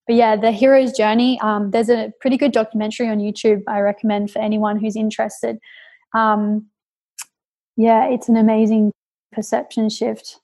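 A young adult woman tells stories from her travels in a relaxed, chatty way. Her voice sits on the high side but moves little in pitch. Her talk is full of fillers. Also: moderate pace. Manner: chatty, laughs often, many fillers. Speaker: guest. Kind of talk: casual conversational storytelling.

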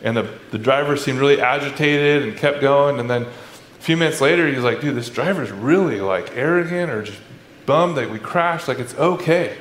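A man preaching a sermon as a pastor, in a conversational, animated way with sarcastic asides. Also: medium pitch, normal speed, a little hiss or hum. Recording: echoey room with faint ambience.

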